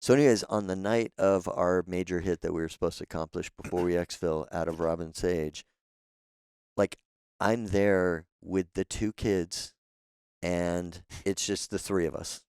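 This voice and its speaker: A man telling stories as a podcast guest in a relaxed, profane, casual way, laughing often, on a studio mic. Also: sits low, moderate pace, clear, resonant tone, dry recording. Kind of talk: casual storytelling.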